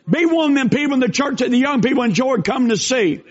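An older man delivers a sermon in a strikingly high voice. He swings between shouted exhortation and folksy storytelling. The recording is dull and lo-fi. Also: quick pace, few pauses. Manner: preaching with shouted bursts and folksy asides. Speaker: pastor. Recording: dull lo-fi sound.

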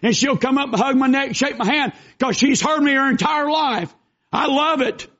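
An older man delivers a sermon in a strikingly high voice. He swings between shouted exhortation and folksy storytelling. The recording is dull and lo-fi. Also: moderate pace. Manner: preaching with shouted bursts and folksy asides. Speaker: pastor. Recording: dull lo-fi sound.

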